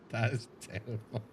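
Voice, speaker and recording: A man's voice: medium pitch, noisy background. A man streaming a game, chatting casually and self-mockingly to viewers, swearing often. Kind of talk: casual live-stream chat.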